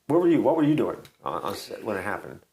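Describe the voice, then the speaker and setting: Gravelly low-voiced man reflecting. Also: big pitch swings, a little mellow, low-quality recording. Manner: reflective, halting with restarts. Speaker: co-host. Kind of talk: casual chat.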